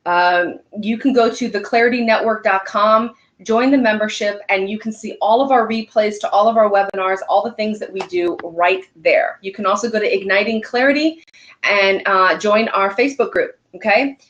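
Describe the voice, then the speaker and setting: A young woman talks to viewers on a live stream from home. She is chatty and upbeat, with a steady mid-range voice and lots of filler words between her points. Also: medium pitch, moderate pace, highs cut off. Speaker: host. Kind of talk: casual live-stream chat.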